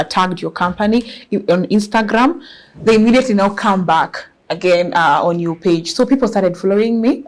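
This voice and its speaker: Expressive Kenyan woman telling her story. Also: mid-range voice. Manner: lively and expressive, mixes in Swahili words. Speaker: guest entrepreneur. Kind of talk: casual storytelling interview.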